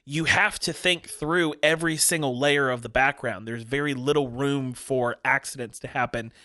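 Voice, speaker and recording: A man's voice: mid-range voice, steady tone, sharp tone, no echo, clean studio sound. A man co-hosting a casual comedy podcast who enthusiastically praises films and riffs along with the jokes. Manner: enthusiastic, quick to agree and riff. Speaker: podcast co-host.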